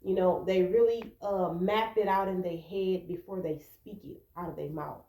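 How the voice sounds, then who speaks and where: A woman's voice: on the low side, fairly even intonation, normal speed, dark tone, reverberant, low-quality recording. A woman vlogger talking to camera, giving earnest relationship advice and acting out quoted arguments. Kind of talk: casual advice talk to camera.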